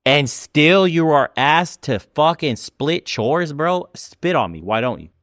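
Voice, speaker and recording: A man's voice: a little high, lively intonation, slow, a bit bright, no room sound, studio quality. A man hosting a reaction show, ranting bluntly and sarcastically with a lot of profanity. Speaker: host reacting to clips.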